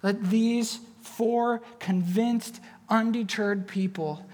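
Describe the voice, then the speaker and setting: A man's voice: sits high, slow pace, darkish tone. A male pastor preaches a sermon in a loose, conversational way. He restates his points and keeps asking the congregation questions. His voice rings out with the long reverb of a church hall.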